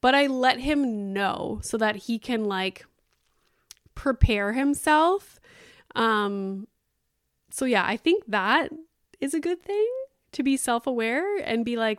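Chatty woman with a smooth, crisp voice. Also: on the high side, expressive, takes it slowly, dry recording, clean studio sound. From Canada. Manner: rambling, exasperated storytelling with constant "like" fillers. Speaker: podcast host. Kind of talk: casual solo podcast chat.

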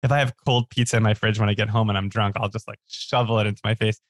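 A man's voice: fairly low pitch, little pitch movement, quick pace, no echo. A man guest on a podcast, chatting casually and telling stories with lots of likes and restarts. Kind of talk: casual chat.

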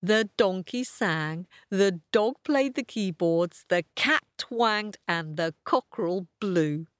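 A woman storyteller narrating a children's tale in an expressive, sing-song manner. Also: medium pitch, takes it slowly, dry recording, studio quality. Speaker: storyteller host.

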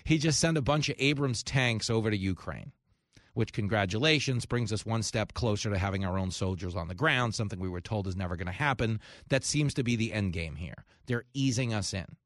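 A man's voice: on the low side, fairly quick, a bit bright, no echo. A man hosting a talk radio show, ranting with comic asides and telling jokes into a studio microphone. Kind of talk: opinionated talk radio monologue.

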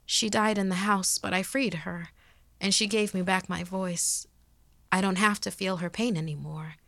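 A woman voicing a frightened young woman with a raw, hoarse throat, speaking in a hushed, breathy near-whisper. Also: medium pitch, fairly even intonation, normal speed, no echo, clean studio sound, natural voice. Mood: relieved.

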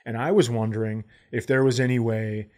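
His voice is mid-range and darkish, steady in tone and fairly quick. He's a podcast co-host and comedian in his forties, telling a funny story in a relaxed way while acting out both sides of the conversations.

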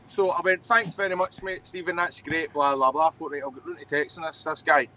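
A Scottish man talks over a video call, telling a long story full of hesitations and stops. His voice is high and bright. He swears along the way. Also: level tone, brisk, low-quality recording. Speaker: podcast regular on a video call. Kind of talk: casual storytelling.

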